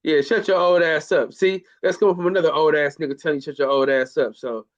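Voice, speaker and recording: A man's voice: on the high side, fairly even intonation, fast talker. A man hosting a live stream in casual chat, loose and profane, repeating himself often. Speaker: host. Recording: muffled lo-fi stream audio.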